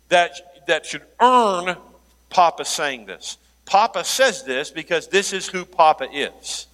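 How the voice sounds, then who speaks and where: Preacher guy, animated sermon w jokes, bright sharp voice, big echoey church hall. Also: on the high side. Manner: animated preaching with asides and laughs. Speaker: pastor. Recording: long hall reverb.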